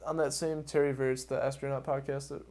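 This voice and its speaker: A man hosting a podcast in casual chat, rambling and animated, laughing often and swearing freely. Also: mid-range voice, brisk. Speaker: podcast host.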